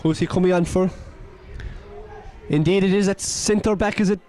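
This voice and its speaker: An Irish man giving excitable, partisan local commentary on a football match, exclaiming and scolding the players. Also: high-pitched, moderate pace.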